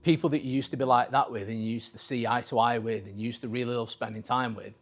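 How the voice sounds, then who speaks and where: A man's voice: medium pitch, fairly even intonation, fast. A man coaching at a live talk, speaking bluntly and swearing freely while he acts out conversations. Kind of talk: live presentation to an audience. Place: talk venue with a screen.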